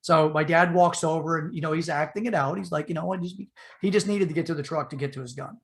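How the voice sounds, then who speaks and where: A man's voice: on the high side, fast talker. A man telling a long story casually on a podcast, rambling with fillers and acting out the voices. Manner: animated retelling, acts out the voices in his story; loose and rambling, with many fillers and restarts.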